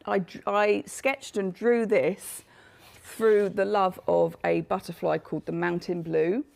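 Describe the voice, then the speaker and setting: A woman with a hoarse, failing voice, chattily presenting her craft collection on a live shopping show. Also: mid-range voice, steady tone, slow, a little mellow. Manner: chatty, self-deprecating, laughs often. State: coughing, losing her voice.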